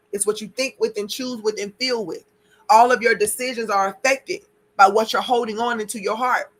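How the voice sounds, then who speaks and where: A woman hosting a faith podcast, leading listeners through breathing and forgiveness with fervent, repetitive chanted phrases that swell to near-shouts. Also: mid-range voice. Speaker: podcast host. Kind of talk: impassioned spiritual guidance.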